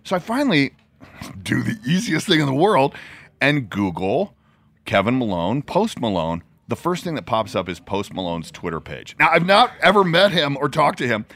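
A male podcast host trading playful, joking banter in a relaxed interview. His pitch swings widely, rising and falling all through each sentence. The voice sounds dry and close, with almost no room echo. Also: normal speed. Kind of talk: casual interview chat.

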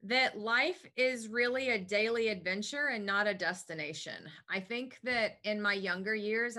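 Bright-voiced enthusiastic woman. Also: mid-range voice. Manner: upbeat, talkative, enthusiastic. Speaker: interview guest, health business owner. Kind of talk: casual interview answers.

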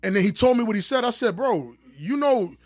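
A high-voiced man with a husky, breathy edge recounts a story in loose, profane slang. His pitch swings wildly as he acts out the other people in it, recorded dry and close. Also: a little fast, no echo. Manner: animated, acts out dialogue with big pitch jumps. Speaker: podcast co-host telling a story. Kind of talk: casual storytelling chat.

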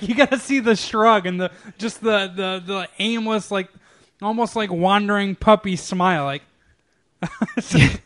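High-voiced young man telling rambling stories. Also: fairly bright tone. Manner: rambling, swearing storyteller, laughs often. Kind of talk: casual chat.

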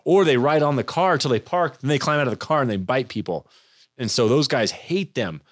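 A man's voice: medium pitch, brisk, dry recording, studio quality. A young man in casual chat, telling stories with animation and acting out the people in them. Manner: animated storyteller, acts out quoted people.

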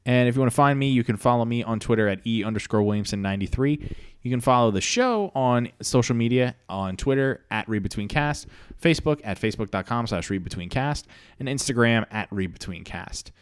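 A man's voice: mid-range voice, expressive, a little fast, hardly any pauses, clear, resonant tone, no echo, studio quality. A man hosting a comedy podcast, telling a story in an easygoing, chatty way. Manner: easygoing, chatty, laughs often. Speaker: podcast host.

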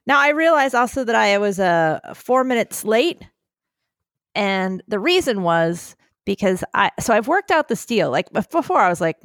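A woman co-hosting a podcast in casual chat, animated and slightly breathy, recording from a makeshift spot in a puppy pen. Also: mid-range voice, normal speed, dry recording, clean studio sound. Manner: animated, keeps addressing her co-host by name, acts out quotes. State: a little breathy. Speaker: podcast co-host.

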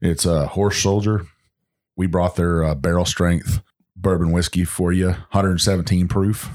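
A man's voice: deep voice, steady tone, unhurried, darkish tone. A man with a Southern American accent, co-hosting a podcast in laid-back casual chat. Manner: laid-back, explains stories. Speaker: podcast co-host.

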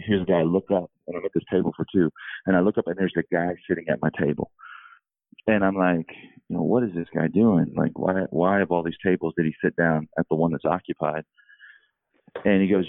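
A man telling a personal story in a casual, halting way, often repeating words. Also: sits low, steady tone, creaky, dry recording. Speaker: guest. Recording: tinny phone-like line.

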